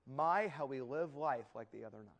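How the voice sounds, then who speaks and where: A man preaching a sermon, dramatic and storytelling, swinging between loud declaiming and soft asides with folksy humor. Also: medium pitch, lively intonation, normal speed, vocal fry.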